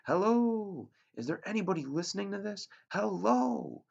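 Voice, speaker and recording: A frantic teenage boy shouting for help into a radio, his voice pushed high and loud, as a man reads him aloud. It has a gravelly, husky edge and comes through a dull, lo-fi recording. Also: animated, moderate pace, full character voice. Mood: screaming for help. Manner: screaming, desperate pleading. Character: panicked teenage boy stranded in a plane.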